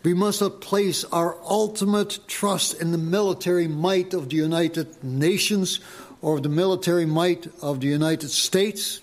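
A man preaching a sermon to his congregation, slow and deliberate, pressing his listeners with emphatic questions. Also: on the high side, steady tone. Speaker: pastor.

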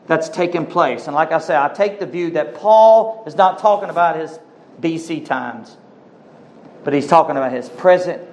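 A man preaching a sermon, reading scripture aloud and commenting on it in an emphatic, animated way. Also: fairly high pitch, slight background noise. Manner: animated, emphatic, addresses congregation as folks. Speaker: pastor.

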